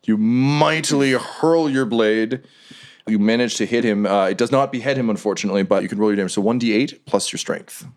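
A man's voice: on the low side, fairly even intonation, quick pace, hardly any pauses, a little mellow. A man narrating as game master of a tabletop game, describing scenes and often laughing.

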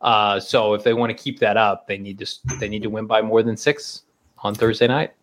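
A man co-hosting a podcast, chatting about football in a lively, joking way. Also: lowish voice, brisk. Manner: animated, joking, laughs easily. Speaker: podcast co-host. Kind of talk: casual sports podcast chat.

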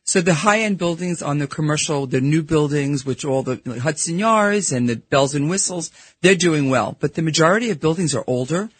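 A middle-aged woman with a Brooklyn accent, a guest in a radio studio, talking candidly and emphatically in quick bursts. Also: sits low, expressive, breathy edge. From New York. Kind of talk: casual studio interview.

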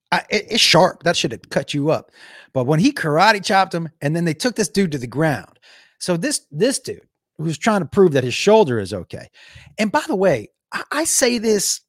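A man, a comedian, spins a rambling, profane story in a casual chat with his audience. His voice swings widely in pitch and stays lively throughout. The sound is dry and close, with no room echo. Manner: animated, profane, digressive. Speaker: comedian and show host.

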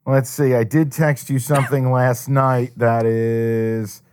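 A man's voice: mid-range voice, little pitch movement, slow, darkish tone, smooth. A man co-hosting a sports betting podcast, talking casually and profanely, often acting out other people's lines with animation.

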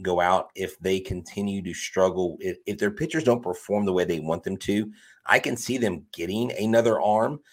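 Low-voiced man co-hosting a sports podcast. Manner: animated, laughs often, teasing. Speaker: podcast co-host. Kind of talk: casual sports podcast chat.

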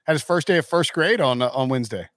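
A man in his thirties co-hosting a casual sports podcast, animated and ranting, mimicking the people he quotes. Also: mid-range voice, quick pace, dry recording, clean studio sound. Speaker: podcast co-host.

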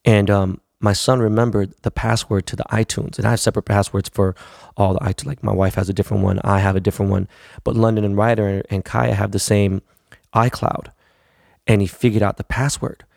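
A gravelly, low-voiced man in his thirties talks straight into a dry, close microphone. He hosts his own podcast and rambles bluntly, swearing freely as he makes his points. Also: flat delivery, a little fast, a little mellow, dry recording. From United States, West Coast. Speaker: podcast host. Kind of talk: casual monologue.

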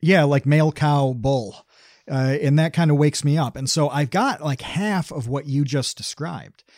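A man co-hosting a podcast, telling stories in a casual, deadpan, understated way. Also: fairly high pitch, measured pace, no echo, clean studio sound. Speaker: podcast co-host. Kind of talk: casual chat.

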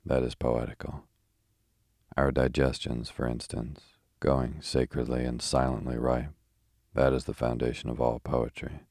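Young poet, argumentative and ironic, read by a man; very deep, dry sound. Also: flat delivery, measured pace, vocal fry, no echo, exaggerated voice. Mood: irritable. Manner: irritable, grim, then gently ironic.

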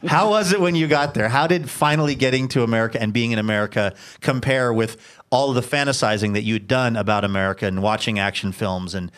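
Male radio interviewer, relaxed and conversational, leading the guest with questions. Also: medium pitch, fast. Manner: informal, prompting questions. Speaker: interview host.

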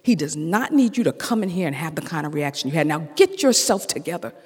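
A stern scolding doctor, as a storyteller puts him on. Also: male voice, a little high, expressive, fast, husky, long reverb tail. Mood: stern lecture. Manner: stern, lecturing.

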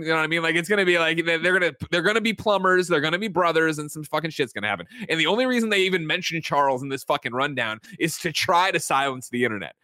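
A man hosting a casual chat show, animated and swearing, breaking into quick impressions. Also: fairly high pitch, dry recording, studio quality. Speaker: show host.

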